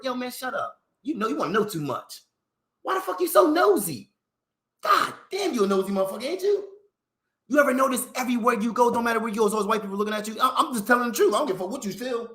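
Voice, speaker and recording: A man's voice: very high-pitched, quick pace. A man ranting in a rambling, profane vlog monologue, full of slang and rhetorical questions. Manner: animated, swearing, heavy slang, rhetorical questions. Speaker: vlogger. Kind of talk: profane, rambling opinion rant. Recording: roomy echo.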